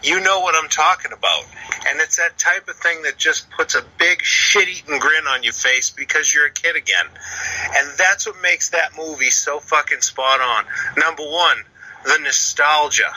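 A man's voice: fairly high pitch, normal speed, sharp tone. A man in his thirties from the Boston area, leaving a profane, emphatic voicemail for a podcast. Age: 30s. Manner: profane, emphatic, lists points. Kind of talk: casual voicemail rant. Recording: phone-line voicemail.

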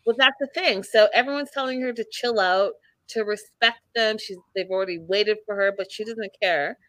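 A woman at medium pitch and moderate speed, recorded with no room sound. She's hosting a casual conversation and animatedly going over a reality show, dramatizing what everyone said and punching up the quotes.

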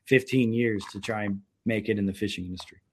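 A man's voice: fairly low pitch, brisk, darkish tone, a little hiss or hum. A man from New York who has worked in the fishing industry, talking in a casual podcast chat and rambling with many filler words.

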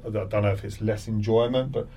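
Middle-aged ex-footballer, low voice, set back from the mic, lively storytelling. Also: male voice, fast, gravelly, far from the mic, a little hiss or hum. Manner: animated, acts out crowd taunts with rising voice. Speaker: guest, former footballer. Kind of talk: casual interview storytelling.

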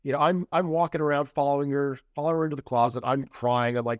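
Fast, with hardly any pauses, a middle-aged podcast guest tells a personal story candidly in casual conversation, acting out what others said. His mid-range voice is steady, and there is no room sound.

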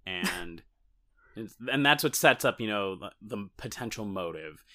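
A man co-hosts a laid-back podcast, recapping a movie in meandering sentences that he keeps interrupting with jokes. His voice sits on the low side and sounds animated, bright and forceful, though he keeps a measured pace.

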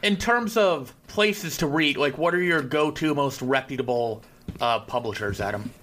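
A man's voice: mid-range voice, moderate pace, fairly bright tone, a little hiss or hum. A man in a casual podcast chat, asking questions in a hesitant, inquisitive way.

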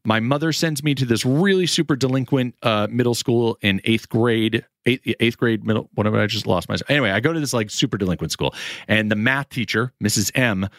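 A man in his forties, a guest and actor, tells stories with lots of animation and slips into the voices of the people he quotes. He speaks at an average pitch, and his voice sounds dry and close, with little room sound. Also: a little fast, dry recording. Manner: rambling animated storytelling, acts out quoted voices. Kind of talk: casual chat.

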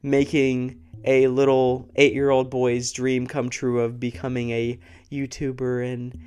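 A man's voice: medium pitch, completely flat delivery, a little slow, darkish tone, smooth. Emotional young man talking to camera. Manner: emotional, earnest, laughs often. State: emotional and sick. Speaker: true crime podcast host. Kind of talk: casual chat to camera. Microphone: close studio microphone.

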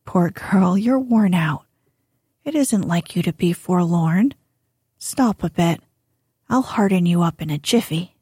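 A woman voicing an eager, teasing teenage boy in an audiobook, talking fast. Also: on the low side, animated, warm tone, slightly rough, dry recording, clean studio sound. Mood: comforting.

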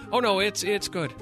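A man hosting a morning radio show, teasing his co-hosts and quizzing them in casual banter. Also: high voice.

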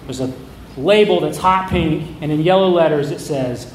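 A man's voice: on the high side, expressive, moderate pace, noisy background. A middle-aged man telling a candid, self-mocking personal story in a conversational way. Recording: roomy echo.

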